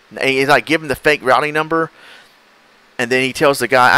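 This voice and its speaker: A bright-toned man chatting casually on a podcast. He rambles eagerly and keeps piling on detail. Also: medium pitch, fairly quick, no echo. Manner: enthusiastic, rambling, acts out clips. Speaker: podcast co-host. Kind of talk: casual chat.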